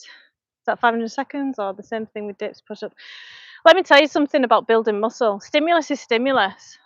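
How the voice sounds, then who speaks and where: A woman with a Lancashire accent talks to her viewers while she trains at home, in a slightly high, frank and chatty voice with frequent laughs. The sound is dry and close on a small clip-on mic, with a dull, lo-fi live-stream quality. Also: no room sound. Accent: Lancashire English. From North West England. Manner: chatty and frank, laughing often, talking between reps. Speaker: fitness coach and personal trainer. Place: home, indoors.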